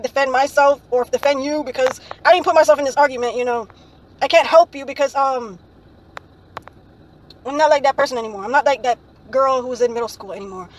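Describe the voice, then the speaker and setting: A woman's voice: sits high, low-quality recording. A young woman telling a story in a casual vlog, rambling with lots of "like, um" and ending her phrases with "right?". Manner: rambling, ends phrases with "right?" tag questions; frequent "like, um" fillers.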